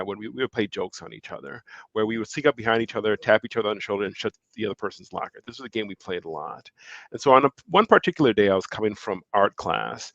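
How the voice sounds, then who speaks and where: A middle-aged man from Milwaukee telling a personal story as a guest, animated and quoting others as he speaks. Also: fairly low pitch, dry recording, highs cut off. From Milwaukee, Wisconsin, USA. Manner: animated storyteller, acts out quoted remarks, laughs between phrases. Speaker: guest, education leader and author. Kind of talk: conversational storytelling.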